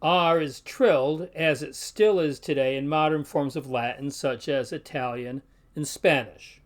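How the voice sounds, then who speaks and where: A man teaching pronunciation in an instructional video, speaking carefully and slowly sounding out example words. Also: a little high. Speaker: Latin teacher.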